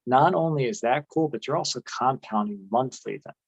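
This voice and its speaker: A man's voice: mid-range voice, moderate pace, creaky, slightly rough, no room sound, highs cut off. A man co-hosting a casual investing chat, friendly and chatty. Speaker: co-host.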